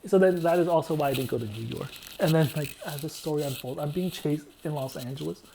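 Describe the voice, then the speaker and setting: Mellow-voiced man rambling through stories. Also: a little high, fast, gravelly, slight background noise. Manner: meandering, deadpan, repeats himself. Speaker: vlogger. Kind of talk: rambling storytelling monologue.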